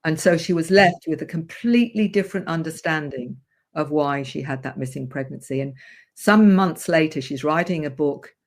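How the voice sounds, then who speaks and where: In this radio interview, the guest is a woman therapist whose voice is low-pitched and whose pace is moderate. She relates a client's story vividly and with real earnestness.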